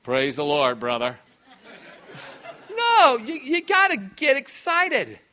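A male pastor preaching a sermon with lots of energy, dropping low and quiet, then breaking into sudden shouts. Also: huge pitch swings, slow, dull audio.

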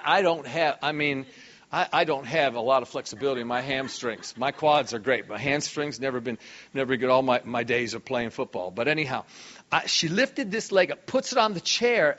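Brief: middle-aged male preacher, raised pitch, animated storytelling, lo-fi church sound. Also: moderate pace. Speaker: guest preacher. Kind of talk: sermon storytelling. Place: church hall.

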